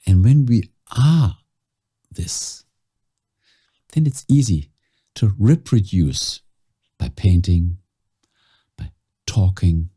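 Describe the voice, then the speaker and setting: Voice-over coach, male, very dark husky low voice, slow and reflective. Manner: slow, calm, thoughtful, dramatic pauses. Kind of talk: reflective talk to camera.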